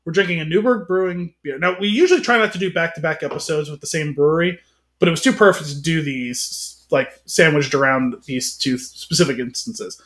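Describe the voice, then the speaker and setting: High-voiced joking podcast host. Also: male voice, fairly quick, fairly bright tone. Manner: joking, rambling, wordplay. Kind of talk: casual podcast chat.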